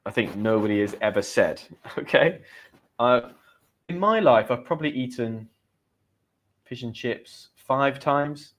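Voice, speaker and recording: A man's voice: mid-range voice, expressive, measured pace, pauses often. An Englishman teaching English expressions in a chatty, upbeat live stream, repeating key words and reading viewers' comments. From England. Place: home in Spain.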